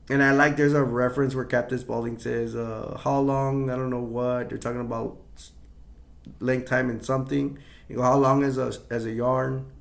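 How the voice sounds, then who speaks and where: A man's voice: medium pitch, gravelly. A man casually retelling a movie scene, rambling with many restarts and fillers. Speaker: movie reviewer.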